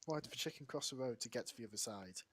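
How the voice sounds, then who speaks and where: Male podcast host, casual and teasing, bright dry sound. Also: mid-range voice, lively intonation, racing, breathy edge, no echo. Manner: teasing, tells corny jokes.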